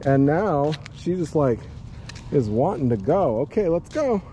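A vlogger with a very animated, mellow voice talks a little slowly into a handheld action camera for a casual daily vlog, with slight background noise. He walks his dog outdoors in the heat, sometimes out of breath, then moves to a car, and he uses high sing-song baby talk with his dog.

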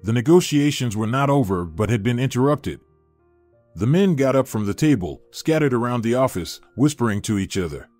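A male narrator telling a moral tale with lively, varied intonation. The recording is dry and close, with faint music running underneath. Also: mid-range voice, no room sound. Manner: measured storytelling. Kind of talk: scripted story narration.

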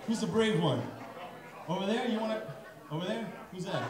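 A man's voice: high-pitched, expressive, brisk, a crowd in the background. A man from Canada, a live music entertainer doing upbeat, chatty stage banter and coaxing the audience on a live stage. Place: large hall, live stage. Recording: echoey hall, music behind.

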